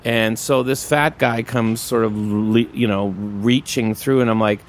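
A man's voice: fairly even intonation, a little slow, a little hiss or hum. A man casually telling a personal story in a candid, profane, wry way, acting out the people in it. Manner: acts out quoted dialogue with raised pitch. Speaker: storyteller recounting a personal accident.

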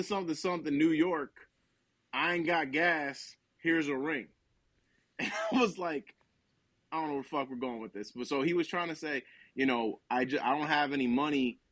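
A man from New Jersey telling a story on a podcast, animated and profane, laughing as he goes. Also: a little high, dry recording. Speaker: podcast host. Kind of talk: casual comic storytelling.

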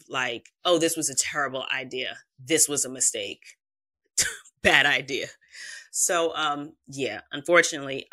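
A woman's voice: low-pitched, sharp tone, no echo. A woman hosting a casual solo podcast, rambling through tangents with lots of fillers and casual swearing. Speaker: podcast host.

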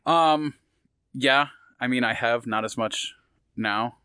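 A man's voice: mid-range voice, slow pace, bright, forceful tone, clear, resonant tone, no room sound, studio quality. A man who is a comedian, talking in a casual podcast chat, rambling with many fillers and restarts. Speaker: comedian guest.

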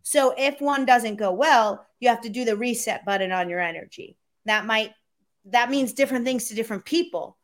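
Animated woman coaching on sales. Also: on the high side, normal speed. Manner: animated storyteller, acts out quoted voices. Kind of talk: conversational interview answers.

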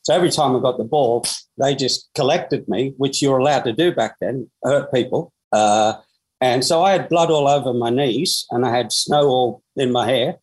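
An Australian man in his sixties, a former footballer, tells his story in an interview, lively and full of restarts and fillers. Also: mid-range voice, moderate pace, breathy edge, poor audio.

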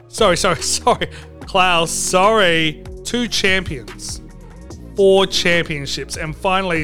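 Bright, high-voiced joking man. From Australia. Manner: jokey, rambling, mock-dramatic. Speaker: podcast host. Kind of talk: comedic sports podcast monologue.

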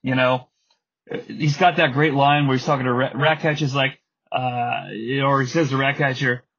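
Husky, chatty man in his thirties. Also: medium pitch, steady tone, moderate pace, a bit bright, dull audio. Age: 30s. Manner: chatty, digressive, with fillers. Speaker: podcast host. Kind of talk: casual solo commentary.

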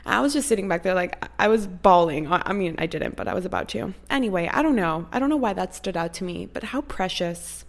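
Gravelly, low-pitched young woman vlogging. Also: expressive, brisk, hardly any pauses. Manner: chatty, gushing, rambling with many fillers. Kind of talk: casual storytime chat.

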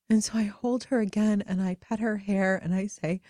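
Gentle woman host, soft whispers. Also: mid-range voice, steady tone, no echo, studio quality. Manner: gentle, slows to soft whispers at tender moments. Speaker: podcast host and coach. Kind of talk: guided reflective talk.

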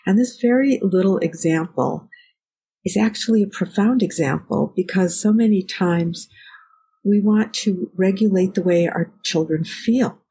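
A woman's voice: medium pitch, measured pace, dark tone, a little hiss or hum, poor audio. A woman guest, a researcher, answering interview questions in a thoughtful, explanatory way with examples.

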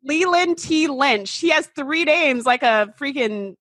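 A woman co-hosting a casual chat, retelling scenes sarcastically and acting out quick asides. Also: high voice, expressive, fairly bright tone, no room sound, studio quality. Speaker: podcast co-host.

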